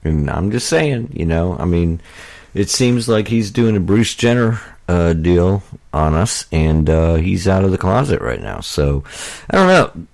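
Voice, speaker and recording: A man's voice: deep voice, measured pace, vocal fry, darkish tone. An American man hosting a political talk radio show, speaking in a rambling, indignant way with many fillers and restarts.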